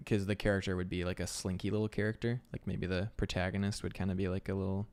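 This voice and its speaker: A man's voice: low-pitched, level tone, fast, few pauses, a little mellow, clean tone. A man chatting casually while he sketches on a live stream, rambling and amused by his own jokes. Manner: rambling, self-amused, thinking aloud. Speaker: illustrator livestreaming sketches.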